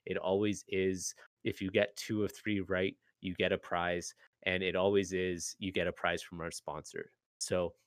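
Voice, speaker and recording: Man, very low voice, podcast host, casual chat, dry sound. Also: fairly bright tone, no echo. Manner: casual, swears, laughs easily.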